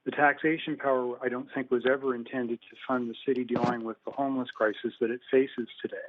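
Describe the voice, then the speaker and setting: A man speaking at a council meeting, measured and hesitant, with frequent restarts. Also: medium pitch, little pitch movement. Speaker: speaker answering council questions. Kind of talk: public comment at a council meeting. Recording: tinny phone line with faint noise.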